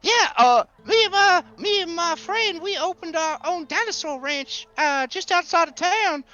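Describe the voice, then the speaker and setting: A man's voice: extremely high pitch, lively intonation, measured pace, sharp tone, dull audio, voice pushed up, heavily acted. A man voicing Gus, an eager, chatty and simple-minded young male dinosaur rancher.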